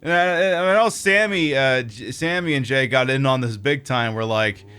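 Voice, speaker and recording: A man's voice: medium pitch, normal speed, pushed and bright, clear, resonant tone. A man who streams as a drag queen, chatting casually and profanely to his audience and using lots of fillers. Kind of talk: casual livestream chat.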